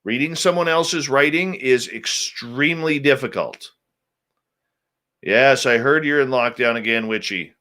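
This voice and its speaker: A male show host talking in an unhurried, easy drawl while he chats with viewers before the show. His voice is bright and forceful, and he greets people by name and mutters little asides to himself. His pitch sits at an ordinary middle range for a man. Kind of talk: casual pre-show chat with live viewers.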